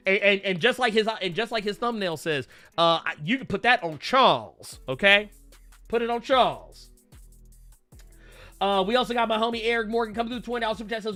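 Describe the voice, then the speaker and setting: A man co-hosting a comic book live stream, reading viewer comments in an animated, rambling way and swearing casually. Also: high voice, a little fast, soft background music. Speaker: co-host of a comic book talk show.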